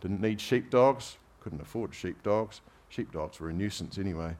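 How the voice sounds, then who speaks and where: Man, pastor, relaxed sermon, lowish voice, storytelling, gentle humor. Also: moderate pace. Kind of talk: conversational sermon.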